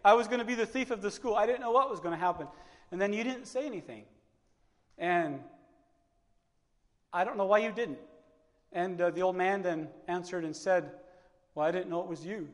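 A man delivering a church sermon in a notably high voice, with a long reverb trailing each phrase in the hall. He repeats words as he gathers his thoughts, then rises into impassioned, fervent stretches. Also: normal speed, pauses often. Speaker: preacher.

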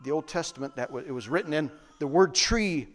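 A man's voice: fairly high pitch, a little fast. A man preaching a sermon, often asking the congregation questions and answering them. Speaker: pastor. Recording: long reverb of a large hall.

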